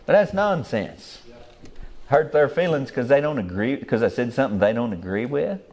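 A man's voice: mid-range voice, animated, moderate pace, a little mellow. An older man, preaching a sermon in a folksy, rambling way with rural grammar.

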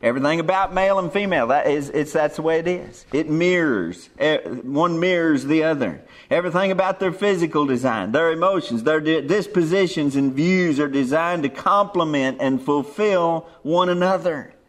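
A man's voice: a little high, normal speed, hardly any pauses. A man preaching a sermon in folksy rural speech, building to emphatic exhortations.

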